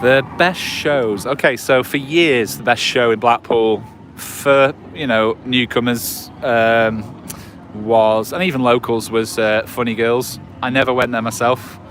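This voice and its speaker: A man's voice: mid-range voice, steady tone, unhurried, a bit bright, slight background noise. A man in his forties chatting casually with livestream viewers on a phone, rambling with lots of fillers and restarts, outdoors on a promenade at night. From England. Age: 40s. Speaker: livestream host. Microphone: phone on a gimbal.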